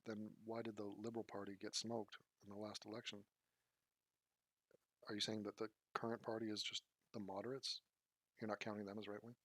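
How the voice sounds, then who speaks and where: A man's voice: on the low side, level tone, a little fast, fairly bright tone, a little hiss or hum. A man giving casual commentary as he reacts to a documentary clip, questioning and incredulous.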